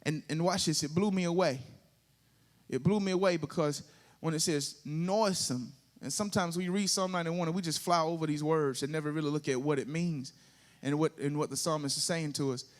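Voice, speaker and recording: A man's voice: fairly high pitch, fairly quick. Southern preacher man, rising to song. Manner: call-and-response preaching, asks congregation to repeat words; builds to sung, rising climaxes. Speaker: pastor. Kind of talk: sermon.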